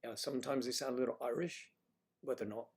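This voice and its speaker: A man's voice: medium pitch, fairly even intonation, fast, darkish tone. A man hosting a casual livestream, chatting with viewers and making playful puns, sometimes dropping into a whisper. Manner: playful, punning, drops into whispers. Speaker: livestream host. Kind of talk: casual chat reading viewer comments.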